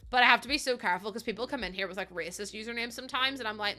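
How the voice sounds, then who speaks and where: A woman's voice: a little high, very fast, sharp tone, soft background music. A young woman with a Northern Irish accent, chatting casually to her live stream audience, laughing often and swearing now and then. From Northern Ireland.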